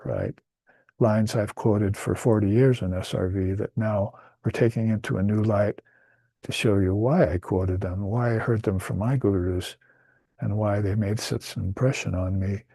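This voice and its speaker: Low gravelly man giving a spiritual talk. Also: steady tone, normal speed, dark tone, dry recording. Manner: teaching with Sanskrit terms, with fillers and restarts. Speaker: spiritual teacher.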